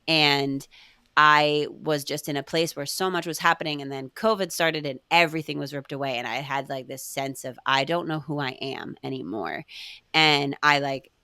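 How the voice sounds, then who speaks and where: A bubbly woman talking casually as a podcast guest, her voice low-pitched and warm with fillers scattered through. The sound is dry and close, with no room around it. She laughs easily between thoughts. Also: moderate pace, clear, resonant tone, no room sound.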